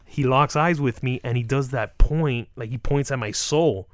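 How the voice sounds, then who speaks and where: A man in a casual interview, telling comic stories and slipping into short acted-out quotes. His pitch sits in the middle and jumps around. The sound is dry and close. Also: moderate pace, few pauses, no room sound. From South Florida. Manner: animated, acts out quotes with laughs. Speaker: comedian guest.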